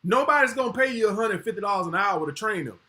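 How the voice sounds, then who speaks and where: A man's voice: high-pitched, lively intonation, fast talker, sharp tone. A middle-aged man in casual podcast chat, laid-back and blunt, heavy on slang. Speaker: podcast co-host.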